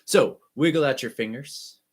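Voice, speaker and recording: A man gives an online music lesson, walking students through breathing and warm-up exercises with short, encouraging instructions. His voice is husky, at medium pitch and normal speed.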